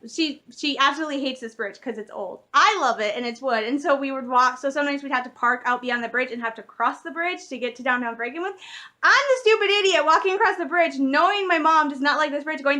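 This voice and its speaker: A woman's voice: sits high, fast talker, pushed and bright. A woman, vlogging in a rambling, chatty way, laughing often and correcting herself mid-sentence. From Michigan, USA. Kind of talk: casual vlog chat.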